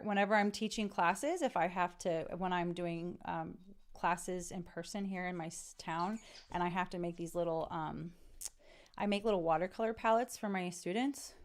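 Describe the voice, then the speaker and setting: A middle-aged woman vlogging as she works on a journal page, chatting in a rambling, friendly way and talking to her viewers. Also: on the low side. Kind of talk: casual chat while crafting.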